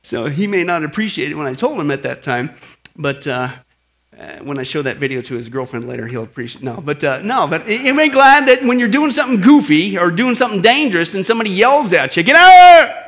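A middle-aged pastor preaches a sermon on apologetics, speaking quickly in a slightly high voice. He tells stories animatedly, acting out shouts and asides, and keeps asking listeners "right?"

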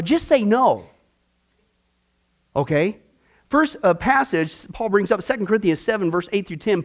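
A man teaching a discipleship Bible class, asking rhetorical questions and acting out little voices as he goes. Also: high voice.

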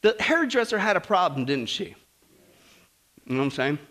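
Male preacher, high voice, very lively delivery, exhorting sermon. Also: normal speed. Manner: animated, exhorting.

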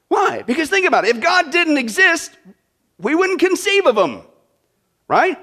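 A male pastor with a notably high voice, preaching in a chatty, joking manner. He keeps checking in with the congregation, tossing out "right?" and "okay?" between points. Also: big pitch swings, moderate pace, sharp tone. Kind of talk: sermon.

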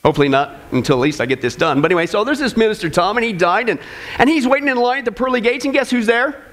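A man preaching in a notably high voice, with a loose, joking, conversational style. He keeps checking in with the audience with "folks" and "okay?" as he moves from jokes to warnings. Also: lively intonation, very fast, fairly bright tone. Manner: casual, jokey, keeps saying "folks" and "okay?". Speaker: pastor. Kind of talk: sermon with jokes.

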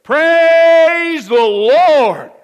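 Man playing an old churchgoing lady shouting praise. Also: high voice, lively intonation, muffled recording, voice pushed up. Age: older. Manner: loud, drawn-out joyful shouting. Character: elderly devout woman shouting praise from her porch.

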